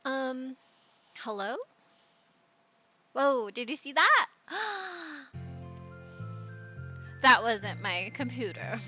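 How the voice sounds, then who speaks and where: A woman chatting casually while playing a game at home, with bursts of laughter and soft asides, wearing headphones. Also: a little high, slow, long pauses, soft background music. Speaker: let's play gamer. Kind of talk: casual gameplay commentary. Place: home, at a laptop. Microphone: headphones with mic.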